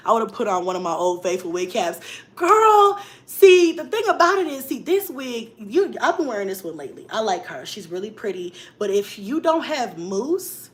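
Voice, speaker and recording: A young woman vlogger telling a story in casual chat, laughing often and swinging between loud bursts and hushed asides. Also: fairly high pitch, sing-song, normal speed.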